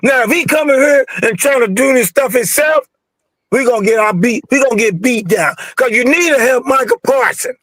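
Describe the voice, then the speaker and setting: A man with a very high-pitched voice rants in a heated, slangy rush, sounding fed up and fired up. The sound is dry and close, with no room around it. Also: normal speed, fairly bright tone, dry recording. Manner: fired-up, angry, repetitive, slangy. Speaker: caller ranting about football. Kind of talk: heated sports call-in rant.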